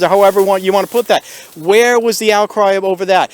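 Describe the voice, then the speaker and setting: Recorded on a small built-in camera mic, a man hosting his own video channel launches into a sarcastic, exasperated rant aimed right at viewers. His voice is high, brisk, clear, and resonant.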